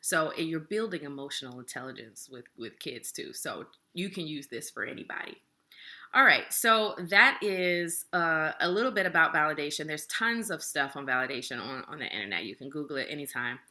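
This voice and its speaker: A young adult woman with a low-pitched voice that still has a bright, forceful edge. She explains a relationship topic in a calm, plain-spoken way, like a casual lesson to the camera. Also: a little fast. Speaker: relationship educator.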